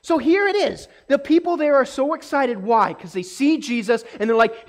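A woman leads a Bible lesson for a young audience in a lively, animated way. She keeps checking in with questions for the group and brings the crowd's words to life as she reads them out. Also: on the high side, normal speed, hardly any pauses. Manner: animated, asks the listeners questions. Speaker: children's Bible teacher.

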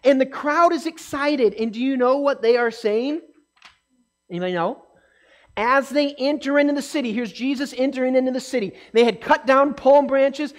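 A woman telling a Bible story to children in an animated way, often asking the kids questions. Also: high-pitched. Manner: acts out voices and quotes in the story.

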